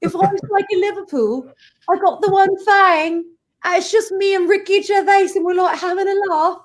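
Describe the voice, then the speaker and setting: A woman's voice: very high-pitched, moderate pace, voice pushed up. A woman voicing a polite, grandly dramatic one-fanged female vampire with a put-on British accent and a lisp. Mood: theatrical. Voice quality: lispy.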